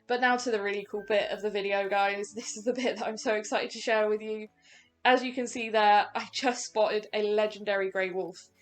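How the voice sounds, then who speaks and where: A young woman hosting her gaming channel, giving chatty, excitable commentary over gameplay, full of fillers and restarts. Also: medium pitch, moderate pace, faint music behind.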